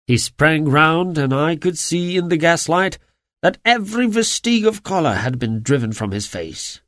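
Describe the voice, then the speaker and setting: A man reading a classic detective story aloud in an expressive storytelling manner. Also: a little high, moderate pace, no echo, clean studio sound. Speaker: narrator.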